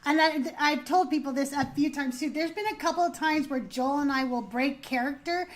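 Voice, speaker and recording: A woman hosting a live call-in show, telling stories in an animated way and laughing often. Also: high voice, moderate pace, a little hiss or hum. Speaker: host.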